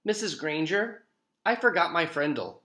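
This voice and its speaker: A man's voice: fairly high pitch, expressive, moderate pace, pushed and bright, pitched above the performer's own voice. A man voicing a sly, bold schoolboy. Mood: innocent. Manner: innocent, wide-eyed act.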